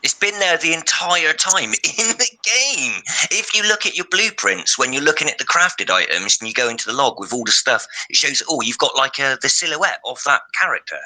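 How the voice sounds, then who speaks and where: A man's voice: on the high side, big pitch swings, moderate pace, few pauses, bright, forceful tone, poor audio. Enthusiastic man co-hosting a podcast. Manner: enthusiastic, chatty, speculating. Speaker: podcast co-host. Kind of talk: casual livestream chat.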